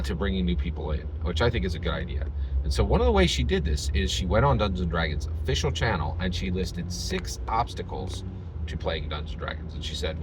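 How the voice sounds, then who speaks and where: Low-voiced sarcastic man hosting a vlog. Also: noisy background. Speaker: channel host. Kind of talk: sarcastic commentary rant.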